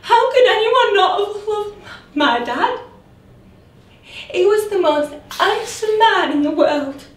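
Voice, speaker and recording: On a theatre stage, a woman with a very high, expressive voice plays a lonely, bitter grown woman, a drunk waiting for her late dad, in a full character voice. Her monologue is halting and full of repeated words, heard from a distance in the roomy theatre.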